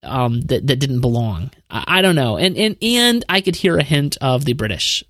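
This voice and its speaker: Rambling Midwestern man, lively pitch. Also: normal speed, no room sound, clean studio sound. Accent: Midwestern American. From American Midwest. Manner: rambling, many restarts and repeated words. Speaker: podcast host. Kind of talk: casual movie review chat.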